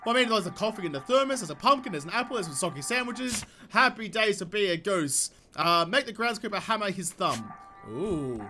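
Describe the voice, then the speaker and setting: A young man giving playful, excitable gameplay commentary, giggling and swinging between hushed scheming and loud outbursts. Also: sits high, fairly quick, faint music behind. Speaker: gaming YouTuber.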